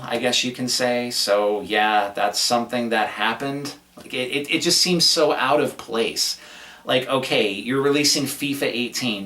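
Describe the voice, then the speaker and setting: A man's voice: mid-range voice, pushed and bright, reverberant, distant mic. A man giving a casual, rambling recap of a gaming event, sarcastic and prone to cursing. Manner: sarcastic, profane, rambling rant. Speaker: gaming commentator.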